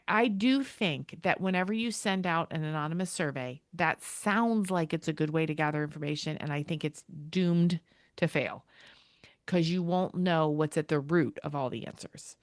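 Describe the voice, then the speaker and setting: This middle-aged school leader from the United States talks casually on a podcast at a moderate pace, barely pausing, in a voice that sits low. She's an animated storyteller who performs the dialogue she quotes. The studio sound is clean, with no echo.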